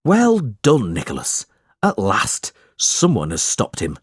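A man's voice: on the low side, huge pitch swings, slow, slightly rough, dry recording, studio quality, heavily acted. A man voicing a hearty, kind-hearted friend in a storybook reading.

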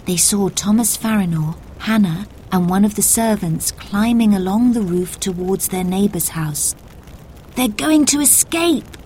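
A woman narrating a children's storybook in a clear, measured way. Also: mid-range voice, mellow, a little hiss or hum.

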